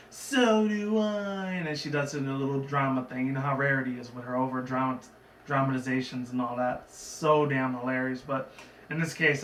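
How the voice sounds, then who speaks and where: A man's voice: mid-range voice, a bit bright. A man casually recapping a cartoon episode in a chatty, digressive way, with lots of fillers. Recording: roomy, from a distant mic, faint background noise.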